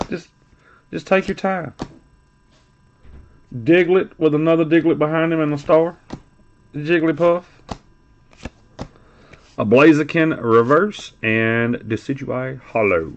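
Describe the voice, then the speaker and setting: A man's voice: medium pitch, measured pace, pauses often, highs cut off. Teasing, profane man breaking card packs. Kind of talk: casual live-stream chat.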